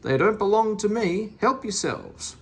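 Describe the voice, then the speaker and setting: Reader putting on a fussy little man, storybook, high and shouty, gravelly edge, swooping pitch. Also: animated, a little slow. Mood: gleeful. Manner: shouting, indignant, squeaky. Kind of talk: storybook read-aloud.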